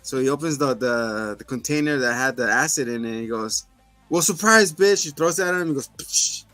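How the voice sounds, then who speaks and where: Bright-voiced laughing man. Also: medium pitch, quick pace, no echo, faint music behind. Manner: laughing, animated retelling with quoted voices. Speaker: podcast co-host. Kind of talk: casual chat recapping a TV show.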